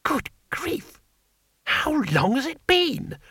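A man's voice: on the high side, sing-song, normal speed, a bit bright, dry recording, clean studio sound, full character voice. A man voicing a timid, mild-mannered male tourist who talks in an earnest, apologetic way.

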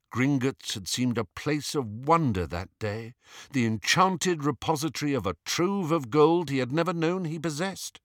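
A man reading a story aloud as an audiobook narrator, measured and expressive, voicing the characters as he goes. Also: fairly low pitch, no room sound, clean studio sound.

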